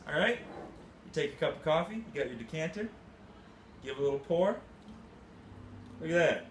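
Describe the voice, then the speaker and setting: A man's voice: fairly high pitch, brisk, long pauses. Playful man demoing coffee, roomy sound. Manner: playful, goofy catchphrases. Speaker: coffee-brewing demonstrator. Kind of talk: casual how-to demonstration. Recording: roomy room with faint ambient hum.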